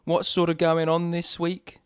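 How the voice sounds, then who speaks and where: A man's voice: a little high, completely flat delivery, unhurried, noisy background. A young man from England co-hosting a casual podcast, joking and laughing often, with frequent restarts. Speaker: podcast co-host.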